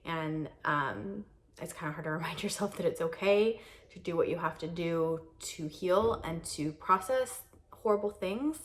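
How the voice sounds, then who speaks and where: A young woman vlogs candidly from a carpeted guest room, talking to a camera on a tripod with plenty of rambling, fillers and laughter. Her voice is on the low side and a little slow, with a faint hiss or hum in the recording.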